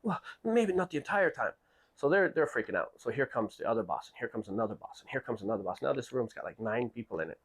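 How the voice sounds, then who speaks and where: A man's voice: fairly low pitch, fast talker, few pauses, slightly rough. Guy telling a story on his show, jumps into the voices of the people in it, trips over his words a lot. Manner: animated, acts out quoted people with raised voice; restarts and repeats words often. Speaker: podcast host. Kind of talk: casual storytelling.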